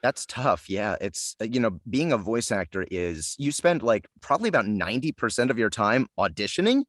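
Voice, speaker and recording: A man's voice: fairly low pitch, sing-song, normal speed, a bit bright, no echo. Chatty man in a dry, close room. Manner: chatty, self-deprecating, lots of fillers and restarts. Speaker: voice actor guest. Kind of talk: casual interview chat.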